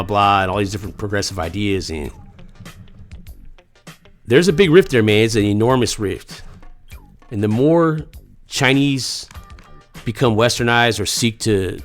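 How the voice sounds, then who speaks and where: A man from the United States telling a crude comedic story, profane and rambling with lots of slang. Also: fairly low pitch.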